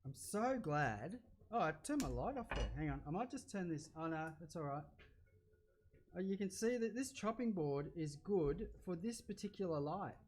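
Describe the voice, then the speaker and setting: A middle-aged Australian man hosting a casual cooking livestream, chatting in a rambling way and getting loud when he is excited. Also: high-pitched, moderate pace.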